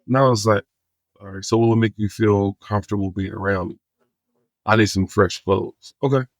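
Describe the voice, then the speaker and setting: Podcast guest, man; animated storyteller who acts out the dialogue, low voice. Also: normal speed, no echo. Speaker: guest, homelessness outreach worker.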